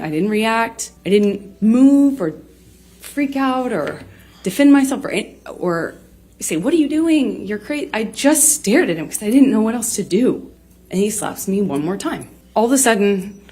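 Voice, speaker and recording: A woman in her thirties testifying in court, halting and restarting often with many fillers. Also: mid-range voice, warm tone, slightly rough.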